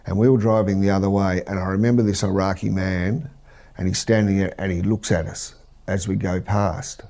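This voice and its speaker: A middle-aged Australian man, a military veteran, recounting war memories in a measured, halting interview. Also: deep voice, steady tone, warm tone.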